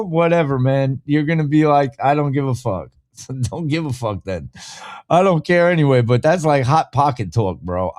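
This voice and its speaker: A man's voice: fairly high pitch, a little mellow, dry recording, studio quality. A male podcast host chatting casually on a live stream, talking back to viewers by name in a blunt, profane, argumentative way.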